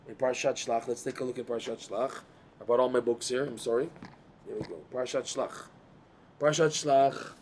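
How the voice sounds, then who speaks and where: Animated man teaching a Torah class. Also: mid-range voice. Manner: animated, repeats words, asks listeners to follow. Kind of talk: Torah class explaining texts.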